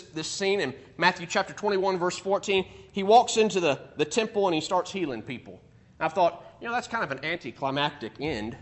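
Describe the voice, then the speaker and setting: A man with a high, bright voice leads a Bible class. He talks in an animated way, acting out the speech he quotes, and thinks aloud with restarts as he checks his notes. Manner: animated, acts out quoted speech with rising emphasis. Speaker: Bible teacher.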